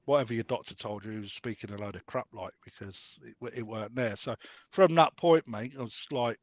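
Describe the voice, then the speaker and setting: A man's voice: medium pitch, a little fast, dry recording. A man telling blunt, sweary stories in a casual group chat over a video call. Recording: dull lo-fi call audio.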